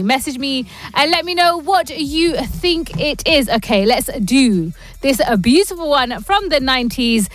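A woman's voice: high voice, expressive, measured pace, hardly any pauses. A woman radio host, chatting casually between songs and slipping Hindi words into her English.

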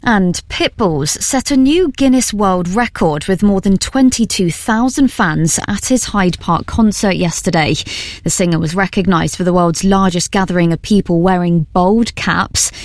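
A woman reading a radio news bulletin in a measured, formal way. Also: fairly low pitch, dry recording. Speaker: newsreader.

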